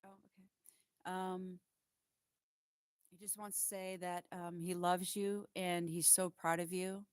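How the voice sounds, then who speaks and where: Woman medium relaying spirit messages, lowish voice, halting and emotional, dry close sound. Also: little pitch movement, smooth, dry recording. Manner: emotional, hesitant, many fillers and restarts. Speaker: psychic medium. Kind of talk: spiritual channeling monologue.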